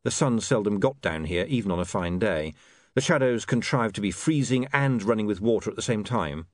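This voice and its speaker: A man's voice: on the low side, expressive, brisk, no room sound. A man narrating an audiobook in a dry, wry manner. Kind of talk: scripted narration.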